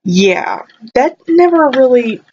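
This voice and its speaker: A young woman vlogger rambling casually, her voice jumping high when excited, her throat a little dry. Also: takes it slowly, a little hiss or hum. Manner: chatty, rambling, animated with sudden high jumps. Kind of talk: casual chat. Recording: slightly dull lo-fi audio.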